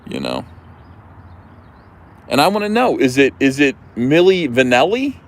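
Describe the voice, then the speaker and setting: A man with a New Jersey accent hosting a livestream outdoors, chatting casually in an animated, rambling way. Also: mid-range voice, a little slow. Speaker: livestream host. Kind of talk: casual chat.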